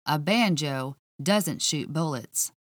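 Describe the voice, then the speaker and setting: A woman voicing a calm, teasing male police officer who speaks in a measured drawl. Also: sits low, no echo, clean studio sound, full character voice.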